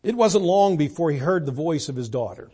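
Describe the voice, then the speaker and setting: Emphatic preacher, a man with a higher voice. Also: expressive, brisk, husky. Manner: emphatic, swings from loud to soft. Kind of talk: sermon.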